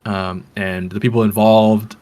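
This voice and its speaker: A man's voice: on the low side, little pitch movement, measured pace, dark tone. A man co-hosting a podcast, talking casually and rambling with lots of fillers and restarts. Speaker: podcast co-host.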